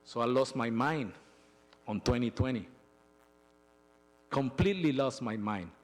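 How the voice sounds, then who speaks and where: A middle-aged man shares his testimony in a church sanctuary, his medium-pitched voice halting and full of emotion. He frequently breaks off and begins his sentences again.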